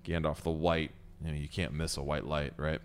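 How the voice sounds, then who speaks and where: A man co-hosting a casual book podcast, chiming in with quick jokes and quips. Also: very deep voice, fairly even intonation. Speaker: podcast co-host. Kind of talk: casual book discussion with read-aloud passages.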